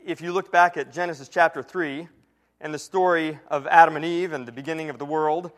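A man with a fairly high voice delivers a sermon to his congregation. He teaches in an earnest, steady way, often slowing down and falling to a near hush to press a point home. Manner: earnest teaching tone, slows and drops to a hush at key lines. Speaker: preacher.

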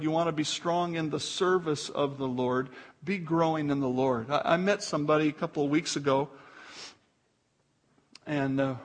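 A man preaching a sermon as pastor in a conversational way, with asides and laughter. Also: a little high.

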